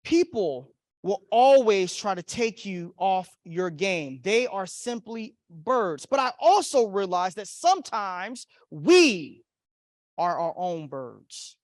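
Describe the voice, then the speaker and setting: Animated male keynote storyteller. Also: high-pitched, takes it slowly, no echo. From Florida. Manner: animated storyteller, acts out voices, big swings between loud and soft. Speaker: motivational keynote speaker. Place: conference hall.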